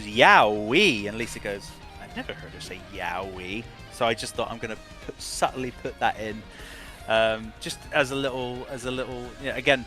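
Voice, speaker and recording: A man's voice: medium pitch, pushed and bright. A man who works as a voice director, giving long, rambling interview answers full of restarts.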